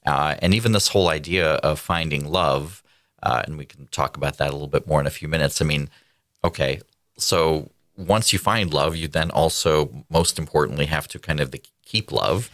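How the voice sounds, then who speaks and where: A man's voice: very deep voice, moderate pace, fairly bright tone, dry recording, studio quality. A man talking as a podcast guest, teasing at times and thoughtful, often starting over mid-sentence. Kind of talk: casual conversation.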